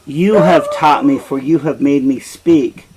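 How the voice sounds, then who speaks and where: A man reading the lines of a calm, blind, older male prophet, measured and steady. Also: on the high side, noisy background, natural voice.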